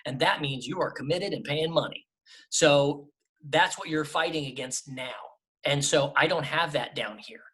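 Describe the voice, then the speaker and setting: A middle-aged man, a voice actor, giving emphatic, lively advice in a casual interview over a travel microphone. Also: fairly high pitch, normal speed. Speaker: voice actor guest. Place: temporary remote setup away from home.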